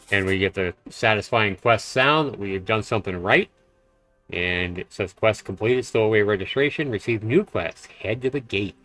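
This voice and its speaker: A game streamer with a lowish, slightly bright voice gives live let's-play commentary as he plays, loose and chatty with plenty of fillers. The recording is dry.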